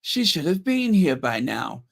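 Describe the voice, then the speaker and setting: A man's voice: a little high, big pitch swings, unhurried, vocal fry, pitched above the performer's own voice, heavily acted. A man putting on a fretful, indignant elderly king as a mocking impression.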